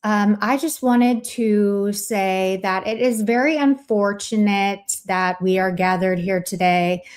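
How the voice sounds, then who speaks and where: A woman's voice: medium pitch, steady tone, a little mellow. A woman on a livestream ranting in a scornful, sarcastic way at someone who let her viewers down. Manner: scornful, sarcastic, drawn-out delivery. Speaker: streamer. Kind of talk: mocking livestream rant.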